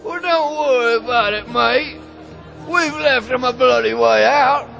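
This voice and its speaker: Guy doing a smug british admiral, voice pushed way up high, stretches out every taunt, soft music under it. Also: gravelly, heavily acted. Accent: put-on British. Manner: gloating, drawn-out taunting. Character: boastful British naval admiral, middle-aged man.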